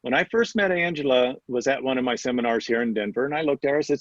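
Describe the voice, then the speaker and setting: Storytelling man, husky and dry. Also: medium pitch, big pitch swings, rapid-fire, hardly any pauses, no echo, lo-fi sound. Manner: storytelling, acts out quoted dialogue. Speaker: guest, practice mentor. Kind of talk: casual podcast interview. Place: Denver area.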